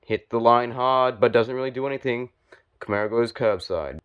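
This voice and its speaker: A young man giving play-by-play commentary on a toy car joust, calm and measured with sudden excited spikes on big hits. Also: mid-range voice, highs cut off, noisy background.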